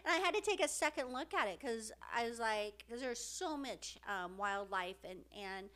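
Brief: middle-aged woman podcast co-host, earnest and emotional, high voice. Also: expressive, normal speed, fairly bright tone. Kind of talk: casual heartfelt podcast chat.

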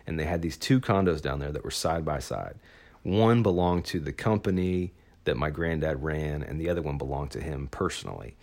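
A man with a very low, deep voice tells a personal story in a loose, chatty way. He gushes with enthusiasm and leans on casual filler words as he goes. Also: normal speed, a little mellow. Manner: enthusiastic, chatty, full of "like" and "awesome".

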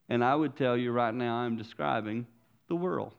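A man preaching a sermon as pastor, animated and acting out voices. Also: mid-range voice, normal speed, creaky, smooth, dull audio.

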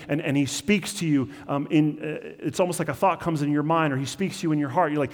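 Guy pastor preaching, kinda high voice, chatty, acts out little quotes, big echoey church hall. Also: fast, few pauses. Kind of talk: sermon. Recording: long hall reverb.

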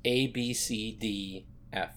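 A woman's voice: extremely low pitch, fairly even intonation, slow. A woman co-hosting a podcast, chatting casually with dry, offhand remarks. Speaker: podcast co-host. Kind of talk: casual chat.

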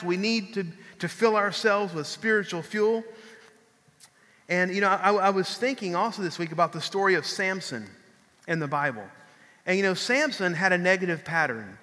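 A man in his fifties, a pastor preaching a conversational sermon, telling stories and acting out quotes. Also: sits high. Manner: conversational storytelling, animated, acts out quotes. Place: church. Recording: long reverb of a large hall.

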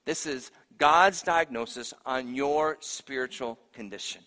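A man preaching a sermon, swinging from hushed, grave lines to loud, emphatic ones. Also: mid-range voice, unhurried, in a large hall. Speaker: pastor.

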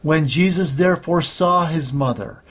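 A man preaching a sermon, teaching slowly and steadily through Bible passages. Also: on the high side, a bit bright. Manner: slow, measured Bible teaching with scripture readings.

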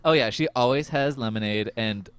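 A male podcast host chatting casually about a TV episode, laughing often and filling pauses with "um.". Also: medium pitch, fairly bright tone, smooth. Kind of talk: casual chat recapping a TV episode.

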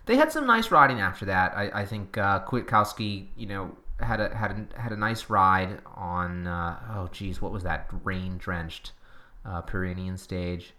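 A man co-hosting a casual cycling podcast, talking in halting bursts with frequent restarts and laughs. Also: low-pitched, animated, pushed and bright. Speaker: podcast co-host.

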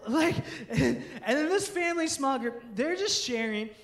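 A man's voice: very high-pitched, expressive, normal speed, a bit bright, roomy sound. A man in his thirties, a pastor, telling a funny personal story from a church stage as part of a sermon, laughing and acting out his friends' voices. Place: church stage before a congregation.

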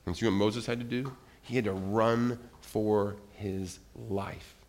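This man's voice is on the low side, and he takes his time, with slight background noise in the recording. He tells a Bible story animatedly at a children's church service, quizzing the kids and calling on each by name.

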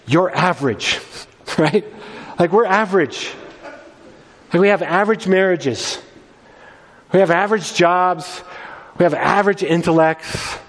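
A male pastor preaching in a loose, conversational style, stumbling over and restarting his phrases as he goes. His voice sits a little high for a man. The sound rings with the long reverb of a large hall. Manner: conversational, restarts often, quotes scripture. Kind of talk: sermon.

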